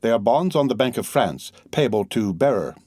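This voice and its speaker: A man's voice: mid-range voice, lively intonation, moderate pace, a little mellow, slightly rough, no room sound, studio quality. A man voicing a proud, boastful banker in an audiobook reading, talking with nervous self-importance. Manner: boastful, then flustered.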